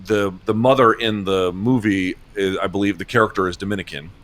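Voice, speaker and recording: A man in his forties, an interview guest, talking casually on a video call in a rambling, halting way, swearing often. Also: fairly low pitch, fairly even intonation, a bit bright. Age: 40s. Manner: rambling, halting, emotional and profane. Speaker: interview guest, MMA journalist.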